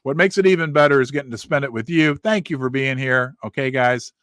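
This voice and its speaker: A middle-aged man hosting a livestream in a casual chat style, reading viewers' names and places aloud in quick, animated bursts. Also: medium pitch, no room sound. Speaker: livestream host.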